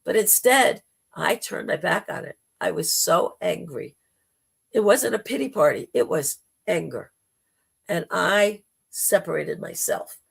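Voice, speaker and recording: A woman hosting a live spiritual talk, telling a personal story slowly and heartfelt, with dramatic quoted asides. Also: lowish voice, lively intonation, gravelly, husky. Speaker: spiritual talk show host.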